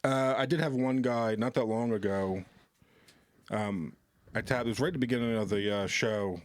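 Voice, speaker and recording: A man's voice: mid-range voice, moderate pace. A man who works security at a comedy club, telling rambling, profane anecdotes as a podcast guest. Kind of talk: casual storytelling on a podcast.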